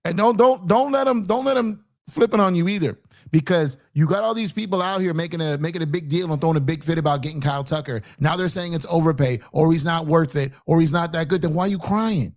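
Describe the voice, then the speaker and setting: A man's voice: a little high, fast, a little mellow. A man hosting a sports show, ranting in fired-up fan commentary, repeating himself for emphasis and taunting rival fans. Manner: reads out viewer super chats.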